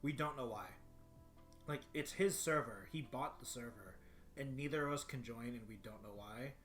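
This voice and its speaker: A man with a deep voice chatting casually on a livestream, rambling and often clearing his throat. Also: moderate pace, fairly bright tone, faint music behind. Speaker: streamer. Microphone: desktop microphone.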